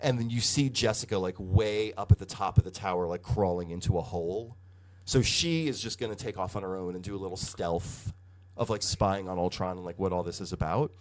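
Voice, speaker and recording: A man's voice: sits low, fairly quick. A man co-hosting a podcast, recapping comics in casual chat, swearing freely and filling his talk with "like". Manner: animated, profane storytelling with hedging fillers. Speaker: podcast co-host.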